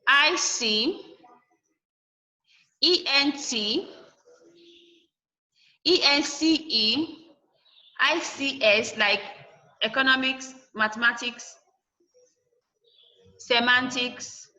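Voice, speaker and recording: A woman's voice: high-pitched, extremely slow, pauses often, sharp tone. A woman teacher giving a classroom English lesson, spelling out word endings letter by letter and repeating each example word. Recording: dull lo-fi classroom recording.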